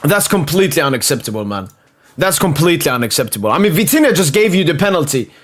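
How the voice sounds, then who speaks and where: Excitable young man at a live watchalong. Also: on the high side, fast. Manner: excitable, swears and shouts at the screen. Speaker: football watchalong host. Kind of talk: live match commentary.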